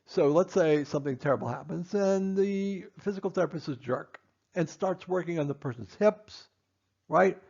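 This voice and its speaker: A man's voice: a little high, moderate pace, creaky, a little mellow, muffled recording. A man, a dentist, giving a stern training lecture to his assistants, emphatic and repeating his points.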